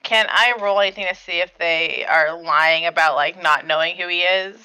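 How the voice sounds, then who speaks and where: A woman playing a tabletop game in a relaxed, casual way. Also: lowish voice, normal speed, clean tone, no echo, poor audio. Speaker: player.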